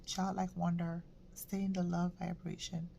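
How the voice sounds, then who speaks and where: A woman giving a casual tarot reading, halting and reflective, often repeating words and dropping into soft whispers. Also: fairly low pitch, little pitch movement, vocal fry, a little hiss or hum. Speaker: tarot reader.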